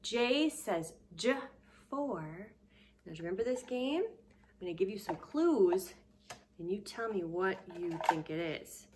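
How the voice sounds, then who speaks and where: Slow, patient preschool teacher woman. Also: mid-range voice, expressive, a little hiss or hum. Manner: patient and sing-song, drops to hushed whispers when giving clues. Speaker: daycare teacher. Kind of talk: remote preschool lesson.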